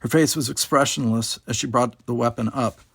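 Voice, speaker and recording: Man, storybook narration, steady measured reading, dry close recording. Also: mid-range voice, gravelly, breathy edge, no echo. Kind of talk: audiobook narration.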